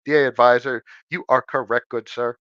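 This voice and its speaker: Sitting at his home desk, a middle-aged man hosts a relaxed livestream Q&A, talking fairly quickly at a medium pitch. He's lively and talkative, reading each viewer question out loud and then responding. There's no echo, but the highs are cut off.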